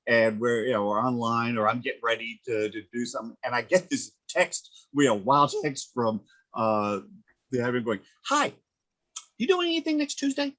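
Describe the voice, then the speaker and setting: Magician guy telling stories, bright sharp voice, laughs a bunch. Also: mid-range voice, moderate pace, rough recording. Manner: animated storyteller, laughs a lot. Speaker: guest magician. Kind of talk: casual chat.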